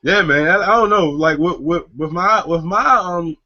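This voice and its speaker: A man's voice: a little high, normal speed, pushed and bright, no echo, highs cut off. A young man telling a story in casual podcast chat, rambling and swearing, often restarting his sentences.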